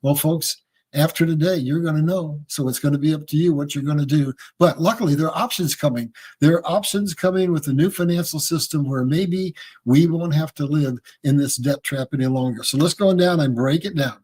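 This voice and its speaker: A man with a husky voice speaking as an interview guest, explaining in a folksy, emphatic way and addressing listeners as "folks.". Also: fairly high pitch, a little fast, a little mellow. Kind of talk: casual explanatory interview talk.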